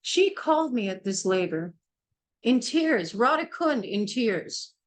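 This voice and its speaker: An older woman, a midwife, gives a blunt and forceful childbirth class lecture, scolding and repeating herself. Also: on the high side, very animated, slow pace, rough recording. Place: small indoor class.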